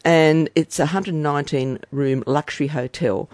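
A man's voice: fairly high pitch, steady tone, measured pace, darkish tone, no room sound. A man chatting casually as a radio travel presenter, friendly and rambling.

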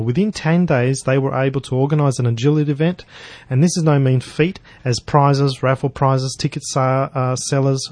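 A man co-hosting a local radio pet show in a friendly, steady way. He reads out event notices and keeps the chat moving. His studio sound is close and dry. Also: mid-range voice, no echo. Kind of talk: radio interview and announcements. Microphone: studio microphone.

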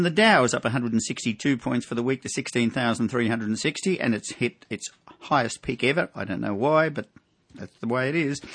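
Australian male radio finance regular, rambling delivery, mid-pitched, dry studio sound. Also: no echo. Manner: rambling, many fillers and asides. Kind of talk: casual radio finance segment.

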